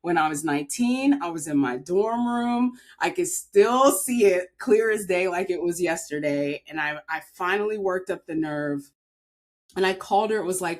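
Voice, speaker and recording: A woman from Maryland, a podcast guest, telling a personal story in an earnest, heartfelt way with frequent filler words. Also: lowish voice. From Maryland, USA.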